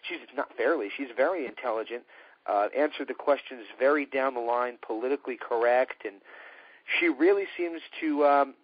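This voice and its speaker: Husky, sarcastic man on a podcast. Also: medium pitch, dry recording. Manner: sarcastic, opinionated. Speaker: podcast co-host. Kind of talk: casual wrestling talk show chat. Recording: dull lo-fi dry recording.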